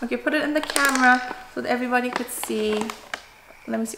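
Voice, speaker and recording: Woman food vlogger, chatty and hands-on, talks straight to viewers; slightly high voice, echoey room. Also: quick pace. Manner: chatty, demonstrative, addressing viewers directly. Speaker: cooking vlogger. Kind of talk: casual chat to camera. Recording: echoey room, faint noise.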